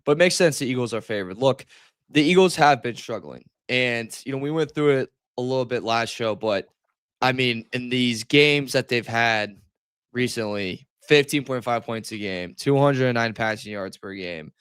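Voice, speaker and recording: A man co-hosting a casual sports podcast, talking in a relaxed, analytical way. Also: mid-range voice, moderate pace, clear, resonant tone, no room sound. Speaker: podcast co-host.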